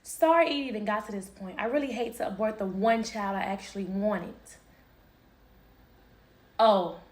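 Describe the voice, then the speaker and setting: A woman's voice: medium pitch, moderate pace. A young woman telling a personal story in a casual, candid way, swearing and laughing easily.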